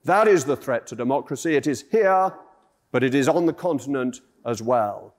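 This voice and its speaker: Man giving a serious political speech, measured, mid pitch. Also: expressive.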